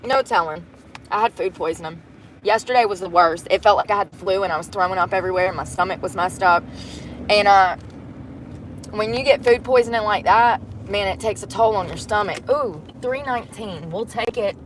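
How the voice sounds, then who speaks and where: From inside a truck at a gas station, a woman vlogger chats candidly with her viewers, rambling and cursing freely. Her voice is mid-range and brisk. A faint hiss or hum sits under the audio.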